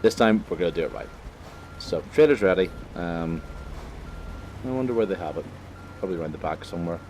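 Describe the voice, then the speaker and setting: A man's voice: low voice, lively intonation, brisk, background noise. A man with a Northern Irish accent giving casual, rambling let's-play commentary, full of fillers and cheerful swearing. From Northern Ireland. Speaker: gaming commentator.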